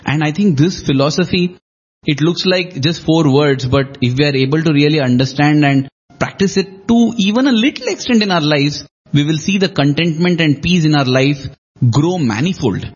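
Husky man telling a reflective story. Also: fairly high pitch, lively intonation, moderate pace. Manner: reflective, acts out quoted lines with shifting emphasis. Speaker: co-host discussing scripture. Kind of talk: conversational storytelling podcast. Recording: dull lo-fi recording.

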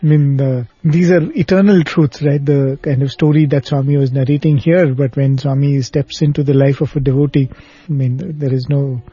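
Soft-spoken host guy, mellow husky voice, dry kinda dull-sounding recording. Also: medium pitch, fairly even intonation, normal speed, no room sound. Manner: soft-spoken, laughs often. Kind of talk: conversational podcast interview.

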